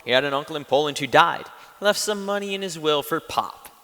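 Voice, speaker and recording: A teenage boy acting in a school play as an excitable, scheming younger teen. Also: on the high side, brisk. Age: teens. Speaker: student actor. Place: school auditorium stage. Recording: echoey hall from a room mic.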